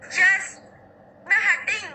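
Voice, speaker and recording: A woman's voice: extremely high pitch, fairly even intonation, slow pace, sharp tone, a little hiss or hum. A woman guest on a call, speaking broken mixed with Hindi. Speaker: stream guest.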